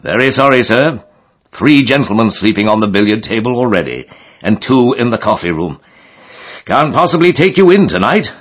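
A man's voice: mid-range voice, animated, moderate pace, lightly acted. A man doing a politely apologetic innkeeper. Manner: courteous, apologetic, formal.

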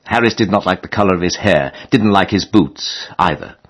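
A man's voice: low-pitched, lively intonation, normal speed, fairly bright tone. A man narrating a comic novel as an audiobook, in a wry storytelling manner.

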